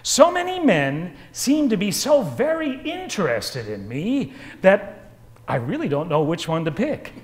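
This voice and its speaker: A woman's voice: mid-range voice, wildly swooping pitch, a little slow, a little mellow, pitched above the performer's own voice. A man doing a gushing lady cruise passenger. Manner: gushing, sing-song diary reading. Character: gushing female cruise passenger writing her diary.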